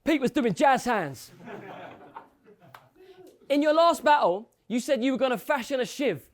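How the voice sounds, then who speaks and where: A man's voice: extremely high pitch, animated, a little slow. A man delivering joking, mocking rap battle verses at a live event, laughing at his own lines. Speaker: battle rapper.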